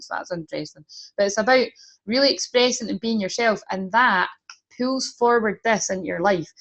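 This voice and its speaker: A woman giving a casual tarot reading, chatty, swearing freely and laughing often. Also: medium pitch. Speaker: tarot reader.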